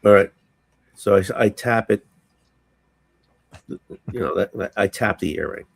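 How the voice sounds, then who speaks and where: A hoarse man playing a tabletop game, hesitant and thinking aloud with many ums. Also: fairly low pitch, a little slow. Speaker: player.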